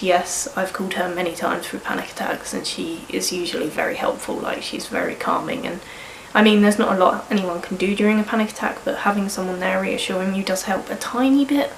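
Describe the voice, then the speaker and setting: A woman's voice: medium pitch, vocal fry, a bit bright, reverberant, a little hiss or hum, poor audio. A woman in her early twenties with a cold, vlogging in a frank, rambling way and swearing casually. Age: early 20s. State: sniffly with a cold. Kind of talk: candid personal vlog.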